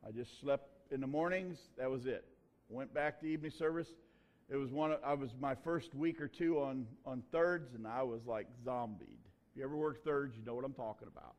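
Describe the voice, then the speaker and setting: A pastor preaching a sermon in a folksy, conversational way, telling a personal story. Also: male voice, mid-range voice, moderate pace.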